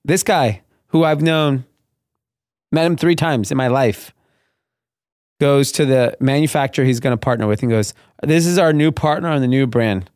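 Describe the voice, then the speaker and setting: A man's voice: mid-range voice, moderate pace, no room sound, clean studio sound. A man in his thirties from the Los Angeles area, telling his business story in a casual interview and acting out the other people in it. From Los Angeles area, Granada Hills. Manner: animated storyteller, acts out quoted voices. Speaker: guest, clothing brand founder.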